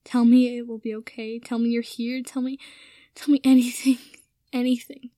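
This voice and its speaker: A woman's voice: a little high, level tone, normal speed, warm tone, dry recording, clean studio sound, lightly acted. A woman reading the lines of a proud, emotional young man who speaks tearfully and pleadingly.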